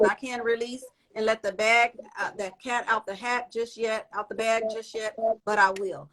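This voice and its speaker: A woman from California hosting an interview, talking in a lively, repetitive, folksy way as she promotes an event and wraps up. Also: fairly high pitch, normal speed, hardly any pauses, rough recording. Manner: energetic, repetitive, folksy with y'all. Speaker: host. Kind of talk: casual promotional interview wrap-up.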